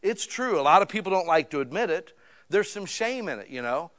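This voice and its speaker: A middle-aged male pastor preaching a sermon in a joking, conversational way, with lively asides between readings. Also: high voice, brisk.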